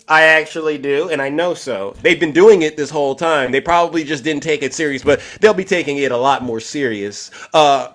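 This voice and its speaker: Guy hosting a live call-in stream, kinda high voice, keeps saying all right. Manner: animated, repeats "all right" a lot. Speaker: live call-in show host.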